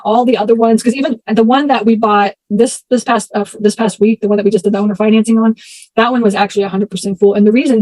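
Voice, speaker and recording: Fast-talking, chatty woman investor. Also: mid-range voice, no room sound, low-quality recording. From Texas, US. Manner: chatty, animated, acts out voices in anecdotes. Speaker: interview guest, storage investor. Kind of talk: casual interview storytelling.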